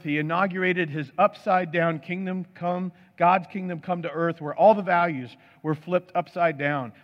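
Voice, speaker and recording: Man preaching in a reverberant hall. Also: high voice. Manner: emphatic preaching with piled-up word lists. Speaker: pastor. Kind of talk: sermon. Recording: dull sound with long hall reverb.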